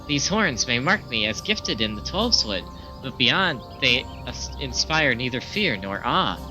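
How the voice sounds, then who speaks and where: An earnest young horned leader of a forest people speaks in formal, old-fashioned phrases, as a man reads him aloud. The voice sits in a middle pitch and moves lively up and down. Clear game music plays behind. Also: measured pace, poor audio.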